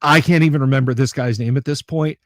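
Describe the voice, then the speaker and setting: A man's voice: mid-range voice, steady tone, fast talker, dry recording, studio quality. A middle-aged man hosting a livestream in casual chat, telling a story, acting out other people's lines and stammering through restarts when sincere. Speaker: livestream host.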